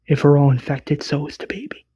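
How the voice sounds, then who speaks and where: A man voicing a calm older father figure who reassures firmly in a husky voice. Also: on the high side, a little fast. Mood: reassuring. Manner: reassuring, firm.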